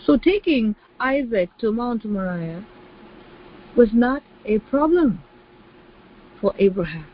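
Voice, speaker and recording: A woman's voice: fairly high pitch, animated, slow. Emphatic woman preacher, slightly muffled. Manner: emphatic, repeats key phrases, acts out quoted voices. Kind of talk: sermon.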